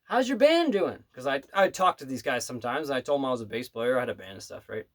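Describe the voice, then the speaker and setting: A man who plays bass tells a story in a casual vlog from his home studio. He speaks earnestly and rambles, with many asides. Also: rapid-fire, a bit bright. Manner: rambling and earnest, full of "you know" and "right". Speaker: bass player and manifestation coach.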